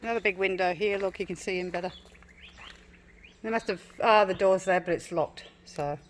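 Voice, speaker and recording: A woman's voice: mid-range voice, fairly even intonation, moderate pace, rough recording. Chatty Australian woman guiding an outdoor walk. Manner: chatty, explains history matter-of-factly. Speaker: vlog co-host and walk guide. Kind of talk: casual outdoor walking vlog. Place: outdoors on a creekside park trail. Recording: outdoor recording with clear background noise.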